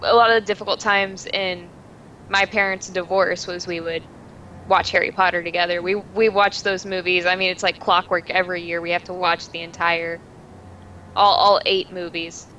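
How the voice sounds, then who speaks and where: A young woman speaks earnestly in a casual panel chat, her voice bright and forward. A faint rumble hums behind her. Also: flat delivery, normal speed, highs cut off. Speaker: panel guest.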